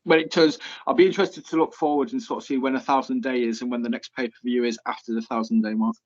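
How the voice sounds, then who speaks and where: A man's voice: medium pitch, fairly even intonation, quick pace. A man co-hosting a casual podcast, giving confident, opinionated takes and speaking to his listeners. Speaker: podcast co-host. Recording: muffled lo-fi audio.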